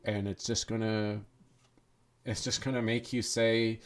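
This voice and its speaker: Guy rambling on his podcast, earnest, trips over his words, lowish voice. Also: little pitch movement, unhurried. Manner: earnest, rambling, with restarts and acted inner thoughts. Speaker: podcast host. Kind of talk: casual monologue.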